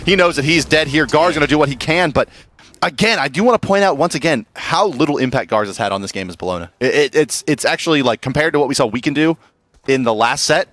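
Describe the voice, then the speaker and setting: A man calling play-by-play for an esports match, quick and excited as the action unfolds. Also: on the high side, dry recording. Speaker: esports caster. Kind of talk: play-by-play commentary.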